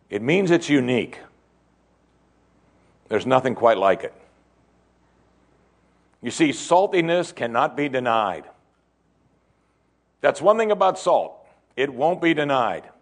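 A man preaching a sermon to his congregation, asking them questions and building to emphatic, excited peaks. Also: fairly high pitch. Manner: asks the congregation direct questions. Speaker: pastor.

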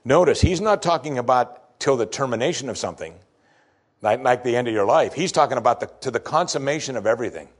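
Male pastor, husky tone, very expressive pitch, sermon delivery that drops low then bursts out. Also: fast talker. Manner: animated preaching, swinging from soft asides to loud exclamations.

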